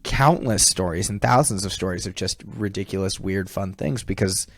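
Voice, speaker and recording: A man, a comedian, telling stories in a casual podcast chat. He laughs often and acts out quoted people with sudden high voice jumps. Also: moderate pace, no echo. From California. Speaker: comedian and baseball mascot performer, podcast guest. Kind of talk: animated storytelling in a casual chat.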